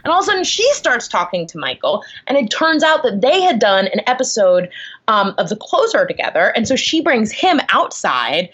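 A young woman telling a story in a casual interview at home, animated, acting out her own reactions. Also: a little high, normal speed, husky, dull audio. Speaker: guest. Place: at home, on the floor. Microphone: video call.

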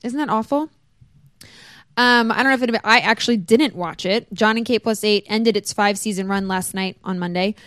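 A woman's voice: medium pitch, brisk, fairly bright tone, dry recording. A bubbly young woman co-hosting a casual podcast, chatting about celebrity gossip. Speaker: podcast co-host.

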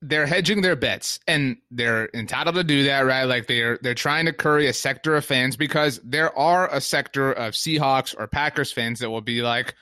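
A man's voice: medium pitch, normal speed, hardly any pauses, bright, forceful tone, no echo. A man co-hosting a casual sports podcast, rambling with many fillers. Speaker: podcast co-host.

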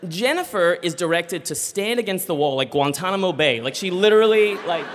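A man telling a comic personal story live on stage, animated and acting out voices. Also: high voice, a little fast, in a large hall, a little hiss or hum. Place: theater stage.

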